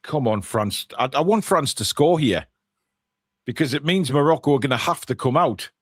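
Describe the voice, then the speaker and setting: Here a male co-host offers live match watchalong commentary for football, mixing chatty play-by-play with jokes on the side. His mid-range voice is expressive and slightly rough, at a moderate pace, in a dry, clean studio recording.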